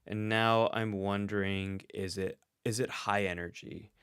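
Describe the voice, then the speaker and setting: A man's voice: fairly low pitch, steady tone, measured pace, a bit bright, smooth, no room sound, studio quality. A man hosting a casual livestream, thinking aloud and reading out chat comments. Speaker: host and psychologist. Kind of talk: casual livestream guessing game.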